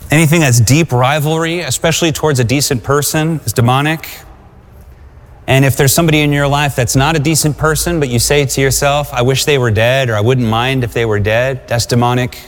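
A man's voice: mid-range voice, steady tone, a little fast. A man preaching a sermon, exhorting and calling on the congregation to answer him. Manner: exhorting, calls for congregation responses. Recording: long hall reverb.

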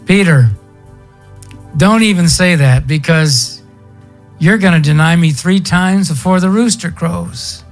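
A male pastor voicing a calm adult male teacher who answers firmly and matter-of-factly, close to his own voice. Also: fairly high pitch, slow pace, soft background music.

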